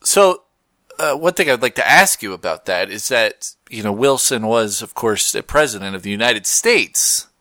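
A man's voice: mid-range voice, lively intonation, normal speed, sharp tone, no room sound, clean studio sound. A man co-hosting a casual talk show, rambling and correcting himself as he goes. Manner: rambling, self-correcting, laughs often. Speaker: podcast co-host. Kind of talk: casual chat.

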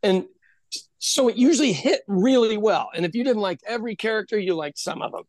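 Animated storytelling ex-comic, dry sound. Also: male voice, sits high, no room sound. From Oklahoma. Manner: animated storyteller, swearing, quick asides. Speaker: podcast host, former stand-up comic. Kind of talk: casual storytelling chat.

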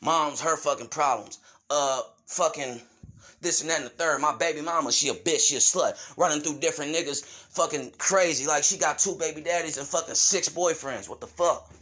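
A man's voice: on the high side, normal speed, sharp tone. A man hosting his own podcast, delivering a heated, profane rant straight at his listeners. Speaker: podcast host.

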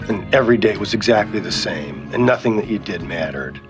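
An actor playing a weary grown man in a film clip, musing in a low, glum way. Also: lively intonation, fairly quick, over music, lightly acted.

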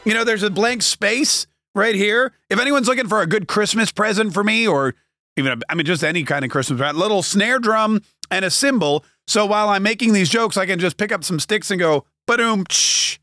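A chatty man hosting a political talk show in a fairly high voice. He jokes and rambles, often correcting himself mid-sentence. The sound is close and dry, with no room echo. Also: a little fast, pushed and bright. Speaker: conservative talk show host. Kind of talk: casual podcast monologue.

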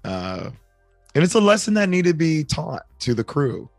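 A man chats casually as a podcast co-host, retelling scenes with a lively, swooping voice. He jumps into high character voices for quoted lines. The sound is dry and close, with faint music underneath. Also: moderate pace, gravelly, no room sound.

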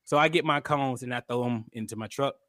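A young man co-hosting a podcast, telling a heated story in casual, profane chat and loudly acting out what people said. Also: medium pitch, brisk, crowd noise. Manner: animated, profane, acts out quotes loudly. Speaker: podcast co-host.

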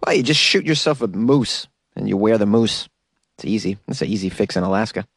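A man's voice: lowish voice, animated, brisk, gravelly, husky, dry recording, studio quality. A man hosting a casual solo podcast, chatty and jokey and rambling, who often laughs at his own jokes. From New York. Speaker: podcast host.

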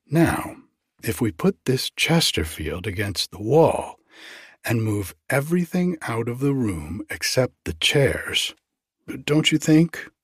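A man's voice: medium pitch, very animated, slow, slightly rough, no echo, studio quality, full character voice. A man reading aloud, voicing a bossy young woman who loves giving orders with theatrical flair. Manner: commanding, theatrical.

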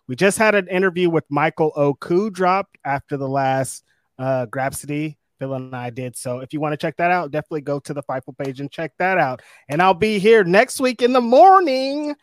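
A man co-hosting a wrestling podcast in a relaxed, agreeable way, chiming in with short affirmations. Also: on the high side, no room sound, clean studio sound. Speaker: podcast co-host. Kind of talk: casual chat.

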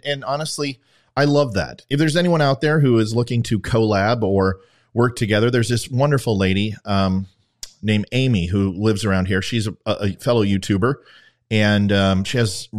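A man hosting his own political talk podcast, speaking to listeners in a combative, conversational way. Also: lowish voice. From Louisiana. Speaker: podcast host. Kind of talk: opinionated political talk show.

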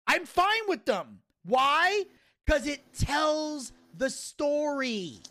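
A man's voice: very high voice, very animated, very slow, pushed and bright. A man co-hosting a casual podcast, ranting heatedly and profanely and arguing through rhetorical questions. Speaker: podcast co-host.

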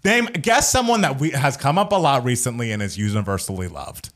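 A young adult man co-hosting a podcast, telling stories in a playful, animated way with campy asides. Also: mid-range voice, fairly quick. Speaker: podcast co-host. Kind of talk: casual chat.

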